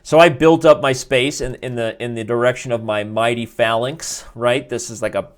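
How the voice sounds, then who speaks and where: Guy coaching chess on a live stream, rambly and jokey, lots of restarts, pitch right in the middle. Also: fairly even intonation, moderate pace. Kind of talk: casual live game review. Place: indoors at a desk.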